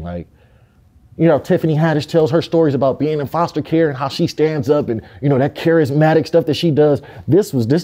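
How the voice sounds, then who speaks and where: A man's voice: mid-range voice, warm tone. A man telling a candid story from his youth in an interview, in streetwise speech that swears and acts out the people he quotes.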